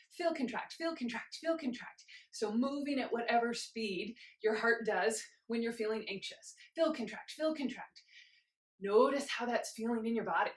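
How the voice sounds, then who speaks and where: Female movement teacher, mid-range voice, gently cueing steps and chanting counts while she moves, recorded in a roomy, echoey space. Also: mid-range voice. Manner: talks while moving along with the exercise. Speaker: movement instructor. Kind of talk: guided movement class.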